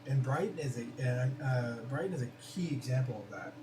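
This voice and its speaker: A man's voice: mid-range voice, animated, brisk. A man hosting a casual conversation, talking in an earnest, thoughtful way with frequent restarts. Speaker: host. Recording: roomy, distant mic with noise.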